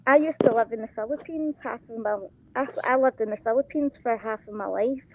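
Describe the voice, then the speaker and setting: A woman's voice: fairly high pitch, a little fast. Woman on a dull lo-fi line. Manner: supportive, reassuring. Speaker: guest on a call. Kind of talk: casual chat. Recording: dull lo-fi call audio.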